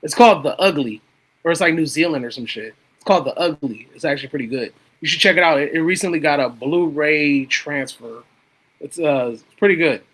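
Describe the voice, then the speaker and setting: A man's voice: a little high, brisk, fairly bright tone, low-quality recording. Laid-back swearing male stream host. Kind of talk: casual horror movie chat.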